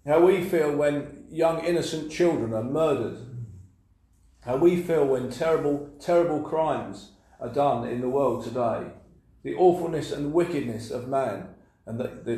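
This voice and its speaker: Male preacher, earnest, repeats words for emphasis; warm low-bright tone, heavy room echo. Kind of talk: sermon. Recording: very echoey room.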